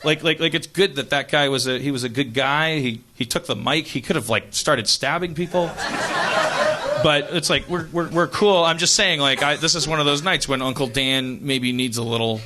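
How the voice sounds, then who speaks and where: A slightly tipsy man hosts a live comedy podcast in a voice a touch on the high side. He rambles and breaks off mid-thought. The stage recording carries a clear layer of noise. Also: moderate pace. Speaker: podcast host.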